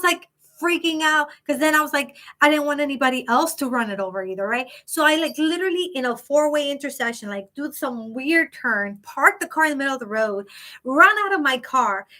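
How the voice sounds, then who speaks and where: A woman hosting a live psychic stream, chatting casually and telling stories in an animated way. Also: high voice, brisk.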